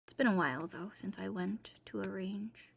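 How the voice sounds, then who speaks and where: A woman's voice: medium pitch, normal speed, vocal fry, slight background noise. A woman streamer in casual chat, reading and answering chat, playful and rambling with frequent giggles.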